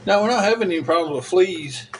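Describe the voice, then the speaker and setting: A man's voice: high-pitched, animated, fast, a little hiss or hum, poor audio. A man hosting a casual livestream, rambling in a folksy way and thanking viewers by name. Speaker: livestream host.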